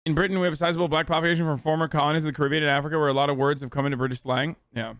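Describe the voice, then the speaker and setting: A man hosting a stream, reacting to a video in casual, excitable, profane commentary. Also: fairly high pitch, racing, clear, resonant tone, no room sound. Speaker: streamer host.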